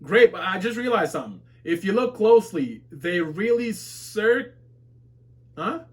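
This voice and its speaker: A man's voice: high-pitched, measured pace. A man streaming a live webtoon reaction, reading viewer comments aloud and reacting with laughs, curses and outbursts. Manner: excitable, swears and shouts at plot twists, laughs often.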